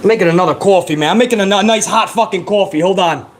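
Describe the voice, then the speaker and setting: A man giving live, profane play-by-play reaction to a wrestling broadcast, excitable and joking. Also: sits high, fast talker, noisy background. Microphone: headset.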